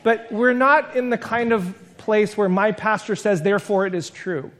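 High-voiced male pastor, reflective. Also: steady tone, normal speed, a bit bright. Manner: reflective, builds long lists with falling pitch; self-deprecating, conversational asides. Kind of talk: sermon.

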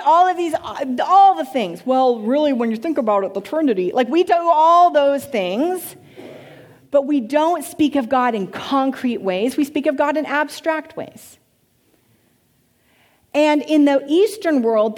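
A woman pastor teaching a church congregation in an animated way, asking the room questions. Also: on the high side.

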